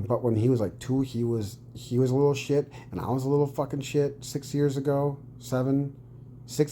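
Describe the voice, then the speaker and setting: A man's voice: medium pitch, dark tone, a little hiss or hum. A man giving casual reaction commentary on his own clip, rambling and swearing, sometimes explaining things in a mock-preachy tone.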